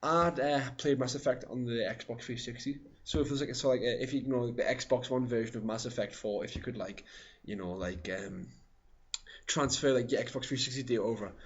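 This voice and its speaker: A man's voice: medium pitch, brisk, slightly rough. A man hosting a casual gaming podcast, rambling with many fillers. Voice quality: rambling, lots of fillers and hedges. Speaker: podcast host. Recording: dull lo-fi sound.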